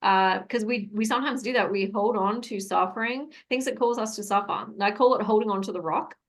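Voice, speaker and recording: A woman guest in casual conversation, telling animated stories, acting out quoted voices and laughing often. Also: mid-range voice, a little fast. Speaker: podcast guest. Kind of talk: casual chat.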